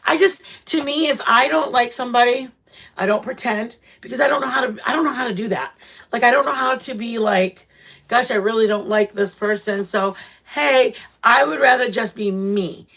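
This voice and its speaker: The speaker is a middle-aged woman running a laid-back livestream chat with live viewers. She talks fairly quickly in a fairly high, slightly bright voice with vocal fry and a breathy edge, rambling bluntly with many fillers and false starts.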